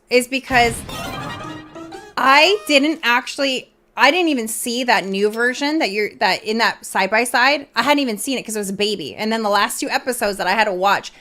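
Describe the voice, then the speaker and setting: A woman talking casually on a live stream, her voice sitting a little on the high side. She rambles from thought to thought, filling gaps with "like" and restarting her sentences. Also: a bit bright. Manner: rambling, filler-heavy, chatty.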